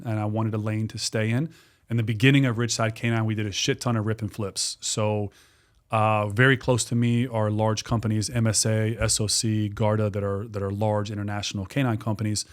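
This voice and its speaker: A man in his forties, a guest on a podcast, telling a story in a casual, animated way with lots of restarts and some swearing. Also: lowish voice. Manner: animated, repetitive, swears freely. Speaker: guest, dog trainer and business owner.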